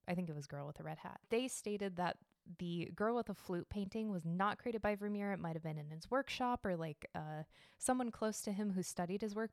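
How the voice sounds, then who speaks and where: A woman's voice: on the low side, no room sound, clean studio sound. Chatty, swearing woman podcast host. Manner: chatty, swears casually, laughs at herself. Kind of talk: casual chat. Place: home decorated for holidays.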